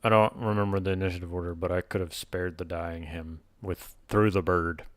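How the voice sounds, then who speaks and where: A man playing a tabletop role-playing game over voice chat, making quick offhand remarks. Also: sits low, fairly even intonation, dry recording. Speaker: player. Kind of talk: casual tabletop game talk. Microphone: voice chat mic.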